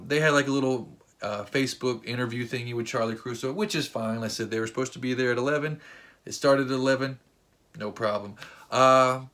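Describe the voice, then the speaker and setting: Guy vlogging a long story, rambly and excited, lots of uhs, normal mid voice. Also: mid-range voice. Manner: rambling and excitable, with many fillers and restarts. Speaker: vlogger and wrestling fan. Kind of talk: casual storytelling vlog.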